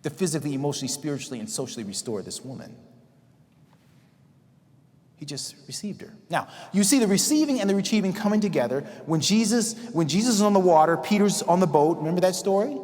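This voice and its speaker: A man's voice: high voice, lively intonation, fast. Preacherly man in a reverberant hall. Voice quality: dynamic, shifting from loud to hushed. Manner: preachy, asks audience questions, acts out quotes. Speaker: speaker. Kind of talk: sermon-style talk.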